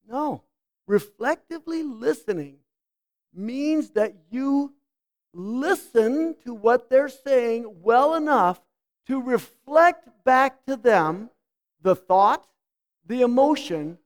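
A middle-aged man from the United States preaching a sermon, swinging from loud outbursts to quiet asides. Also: very high voice.

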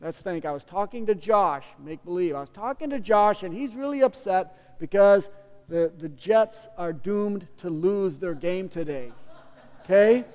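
A man's voice: sits high, expressive, measured pace, darkish tone, big-room sound. A man preaching a sermon as a pastor, teaching in a casual, conversational way with frequent restarts and playful asides.

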